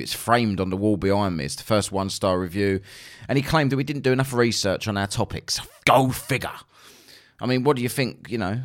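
A man hosting a podcast, talking in a blunt, sarcastic rant with plenty of swearing. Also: on the low side. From England. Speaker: podcast host. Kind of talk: casual podcast monologue.

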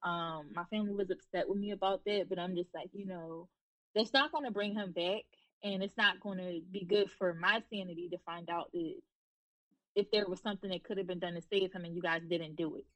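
A woman's voice: on the low side, steady tone, brisk, fairly bright tone, low-quality recording. A woman in her thirties, a podcast guest, telling her own story frankly and bluntly with casual swearing. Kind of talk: candid personal storytelling.

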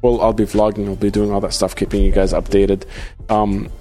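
A man hosting a podcast in casual chat, halting with many fillers and restarts. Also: on the low side, level tone, music in the background. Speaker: podcast host.

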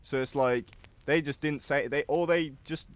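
A man's voice: fairly high pitch, steady tone, moderate pace. A man co-hosting a casual podcast chat, full of fillers and casual swearing. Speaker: podcast co-host.

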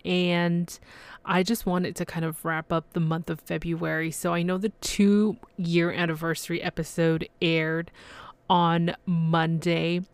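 Excitable low-voiced woman host. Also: slow, clear, resonant tone, no echo. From Canada. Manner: excitable, gushing, many fillers and restarts. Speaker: podcast host. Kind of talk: casual solo podcast chat.

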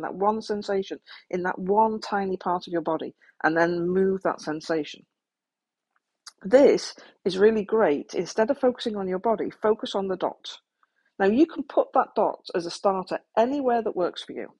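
A mid-range female voice, a little mellow with a breathy edge, proceeds at a moderate pace. Her candid talk to the listener covers practical ways of coping with trauma, sprinkled with self-deprecating remarks.

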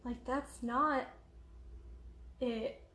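A woman's voice: sits high, fairly even intonation, extremely slow, a bit bright, roomy sound. A young woman chatting casually and rambling at home, distracted, with lots of fillers. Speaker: vlogger. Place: room at home.

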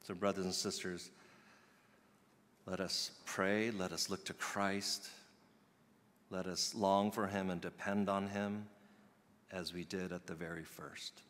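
Male pastor, low-set but bright voice, earnest sermon delivery that swells to loud emphasis, long hall reverb. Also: flat delivery, slow pace, long pauses. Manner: earnest, builds to loud emphatic peaks then drops soft.

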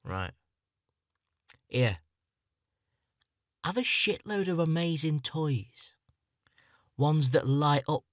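A man's voice: on the high side, sing-song, very slow, long pauses, dry recording, clean studio sound, pitched above the performer's own voice, heavily acted. A man voicing the country of Japan as a generous, boastful, matey bloke, in his own plain voice.

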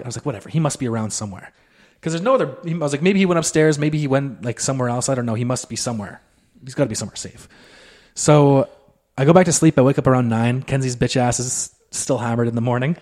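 Here a man co-hosting a podcast spins a story in relaxed conversation, his medium-pitched voice carrying a darkish tone. He voices the quotes himself and curses freely throughout.

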